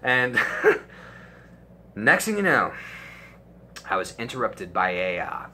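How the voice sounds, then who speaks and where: A man's voice: mid-range voice, huge pitch swings, very slow, pushed and bright, breathy edge. A young man telling a crude, profanity-heavy story in a casual storytime video. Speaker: storytime YouTuber.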